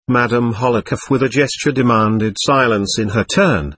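Husky male audiobook narrator. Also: medium pitch, normal speed, hardly any pauses, fairly bright tone, dry recording. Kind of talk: audiobook narration of a classic novel.

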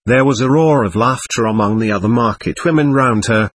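Husky man narrating a classic novel. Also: medium pitch, a little fast, few pauses. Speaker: audiobook narrator.

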